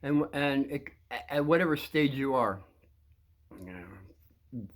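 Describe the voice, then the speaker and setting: A man's voice: mid-range voice, lively intonation, slow pace. An older man talks casually to kids about an awkward situation, acting out both sides and keeps breaking into laughter while trying to keep a straight face. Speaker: vlogger giving advice to kids. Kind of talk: casual monologue to camera.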